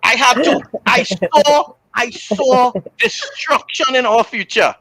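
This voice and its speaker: A young man with a Trinidadian accent, hosting a casual aftershow chat with animated, joking talk full of local slang. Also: very high voice, slow, no echo. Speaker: host.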